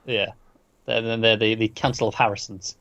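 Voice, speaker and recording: A man's voice: on the low side, little pitch movement, normal speed, a bit bright, no room sound, lo-fi sound. A man co-hosting a podcast, making wry, dry remarks in casual chat, with some stammering. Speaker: podcast co-host. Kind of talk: casual episode recap chat.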